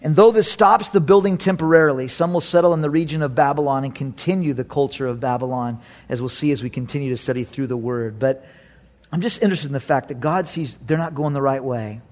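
A middle-aged man preaching a sermon, animated and acting out voices with sarcastic humor. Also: medium pitch, fast. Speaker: pastor.

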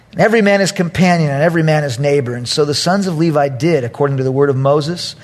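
A male pastor tells a story in his sermon with a husky, high voice. He swings his pitch widely and acts out every quote with loud, animated energy.

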